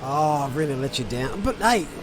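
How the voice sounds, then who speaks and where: A man's voice: a little high, expressive, normal speed, noisy background. A man giving casual live sim racing commentary, chatting to viewers and answering their messages.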